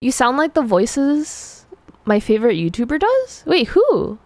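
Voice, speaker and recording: A woman's voice: high voice, wildly swooping pitch, a little slow, a little mellow, dry recording. A woman streamer in casual live stream chat, giggly and playful as she talks to her chat.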